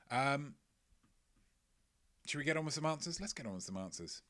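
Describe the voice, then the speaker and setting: A man's voice: a little high, expressive, normal speed, bright, forceful tone. Chatty man hosting a quiz. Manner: chatty, repeats his own phrases, playful. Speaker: quiz host. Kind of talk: casual livestream quiz hosting.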